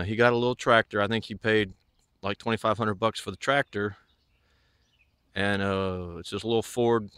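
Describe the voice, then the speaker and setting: A man's voice: on the low side, a bit bright, clean tone, no echo, clean studio sound. A middle-aged man from the American South giving a rambling, casual walking tour of his homestead outdoors, with many fillers and restarts. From Southern United States. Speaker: homesteader vlogger.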